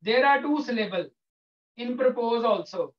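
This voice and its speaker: A male English lecturer with an Indian English accent, patiently explaining to a class with frequent pauses. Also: extremely high pitch, expressive. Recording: echoey room, dull lo-fi sound.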